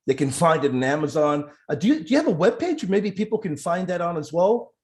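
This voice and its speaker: A man's voice: on the high side, very animated, fast, darkish tone. A man hosting a casual live interview, effusive and heavy with praise for his guest. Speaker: interview host.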